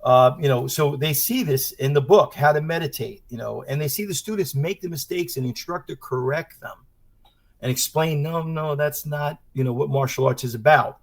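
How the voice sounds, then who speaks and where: A man's voice: on the high side, normal speed, creaky. A man who teaches martial arts, talking through his children's book in a casual interview, rambling with many fillers as he tells stories. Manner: rambling, storytelling with frequent fillers. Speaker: martial arts instructor and author.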